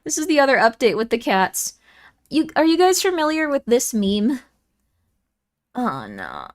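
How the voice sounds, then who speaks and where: A woman's voice: on the high side, huge pitch swings, a little slow. A young woman streaming and chatting casually with viewers, giggly and easily moved, with lots of fillers.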